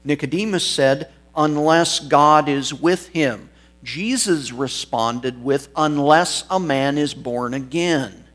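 A man's voice: fairly high pitch, slow, a bit bright. A man preaching an expository sermon, reading scripture and stressing key words, once correcting himself mid-sentence.

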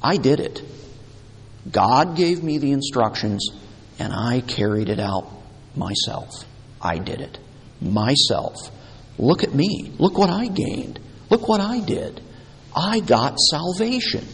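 A man's voice: medium pitch, very animated, slow, pauses often. A man voicing a boastful person who praises himself with rising, repeated claims. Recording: long hall reverb.

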